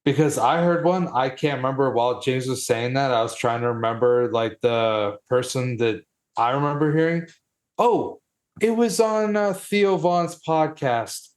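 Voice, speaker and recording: A man co-hosting a podcast in casual chat, quick to laugh and react. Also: medium pitch. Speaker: podcast co-host.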